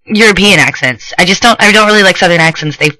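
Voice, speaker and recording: A woman's voice: lowish voice, fast talker, pushed and bright, no room sound, poor audio. A young woman co-hosting a sports radio show, stammering and giggly in banter. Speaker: radio co-host.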